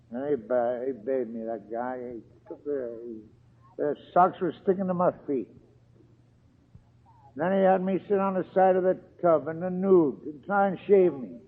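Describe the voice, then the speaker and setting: An older man telling his recovery story as an AA speaker, earthy and storytelling, acting out the dialogue. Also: fairly high pitch. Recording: tinny lo-fi archive recording.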